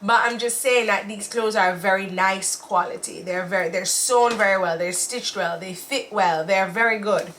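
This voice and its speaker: Bright, emotional woman co-host. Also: mid-range voice, moderate pace, hardly any pauses, slight background noise. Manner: emotional, animated storyteller. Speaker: co-host of a weekly live show. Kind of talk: casual live-stream chat.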